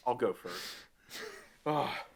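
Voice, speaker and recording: A man co-hosting a casual podcast chat from his home, telling stories in a halting way and laughing often. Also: medium pitch, expressive, gravelly, a little hiss or hum. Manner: halting, loose storytelling with frequent laughs. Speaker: podcast co-host. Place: home room.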